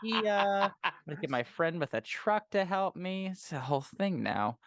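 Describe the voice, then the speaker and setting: A man's voice: high-pitched, animated, normal speed, fairly bright tone, dry recording, clean studio sound, pitched above the performer's own voice. A man voicing a squeamish, fussy male villain who frets and rambles about a mess. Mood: fretful.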